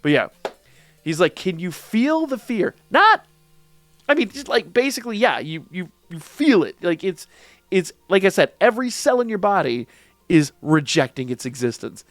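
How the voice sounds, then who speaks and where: A man hosting a casual manga reaction review, excitable, slangy and emphatic. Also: high-pitched, moderate pace, no room sound.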